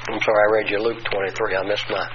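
Man preaching from scripture, level monotone, muffled old radio recording with faint hiss. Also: lowish voice, fast. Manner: reads passages then explains, corrects himself. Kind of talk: sermon reading scripture aloud.

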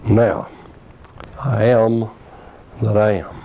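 A man with a low, monotone voice delivers a scholarly sermon, quoting commentaries and scripture references in a measured, deliberate way. The recording sounds dull and lo-fi. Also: slight background noise. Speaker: preacher.

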